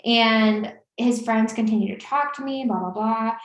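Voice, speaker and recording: A woman's voice: moderate pace, highs cut off. A woman in her twenties telling a story in casual chat, acting out the voices of the people she quotes. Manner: animated, acts out quoted lines with rising pitch. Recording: roomy echo.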